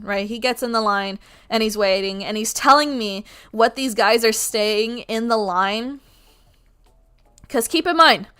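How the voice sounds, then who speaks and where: A woman streamer telling a story in a casual, animated rant, swearing freely and able to project her voice loudly. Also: fairly high pitch, smooth. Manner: can project a loud voice. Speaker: art streamer.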